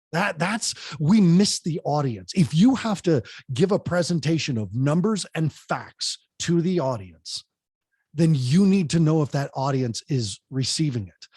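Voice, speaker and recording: A man with a slightly high, husky voice talks fast and with energy, coaching on how to hold an audience. The recording is dry and close, with no room sound. He keeps addressing the listener directly as he makes his points. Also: no echo. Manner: animated, speaks directly to the host by name. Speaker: podcast guest, public speaking coach. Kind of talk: energetic advice on public speaking.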